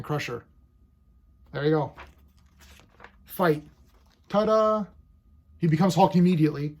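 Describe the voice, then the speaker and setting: A man casually reviewing a comic, excitable and animated, paraphrasing characters' lines in quick bursts. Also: a little high.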